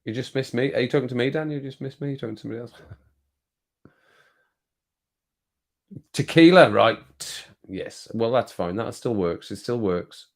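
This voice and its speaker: A man's voice: mid-range voice, unhurried, vocal fry, long pauses. Chatty man hosting a live stream. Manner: chatty, reads viewer comments aloud and laughs often. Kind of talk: casual live-stream chat.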